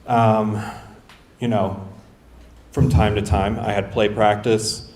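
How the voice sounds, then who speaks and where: A man speaking at a memorial, talking haltingly with many fillers. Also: fairly low pitch, little pitch movement, darkish tone. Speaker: eulogy speaker, nephew. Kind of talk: memorial speech. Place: memorial gathering in a large room. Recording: roomy echo, faint noise.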